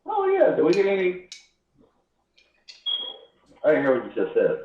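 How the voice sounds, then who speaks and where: A man's voice: on the high side, huge pitch swings, moderate pace, roomy sound, dull audio. A man chatting on a livestream as a co-host, teasing the host in a wry way. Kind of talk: casual chat.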